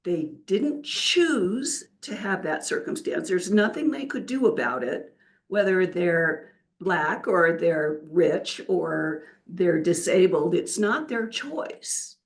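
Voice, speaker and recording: A woman's voice: on the low side, slow pace. An older woman, a wealth counselor, telling stories in a casual interview and acting out the quotes. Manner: animated storyteller who acts out quotes. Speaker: wealth counselor, podcast guest.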